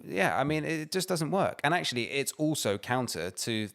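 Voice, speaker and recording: A man's voice: fairly high pitch, sing-song, moderate pace, gravelly, a bit bright. A man co-hosting a podcast, ranting and swearing emphatically in casual chat. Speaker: podcast co-host.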